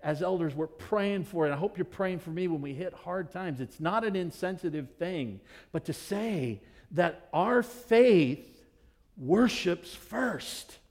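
A male pastor preaching a sermon to his church, animated and emphatic, with dramatic pauses. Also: sits high.

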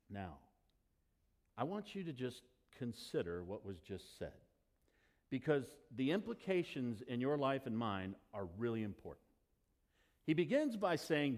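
A male pastor preaching a sermon, emphatic, dropping to quiet asides and building to rising declarations. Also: medium pitch, sing-song, unhurried. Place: church sanctuary. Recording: long hall reverb.

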